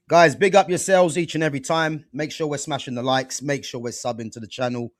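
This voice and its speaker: A man hosting a casual football chat show, animated and slangy, full of fillers and restarts. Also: mid-range voice, normal speed, no room sound. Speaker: football podcast host.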